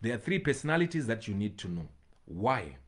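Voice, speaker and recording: A man preaching a sermon as pastor, swinging between loud shouts and hushed pleading, with bursts of tongues. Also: fairly low pitch, sing-song, fairly quick.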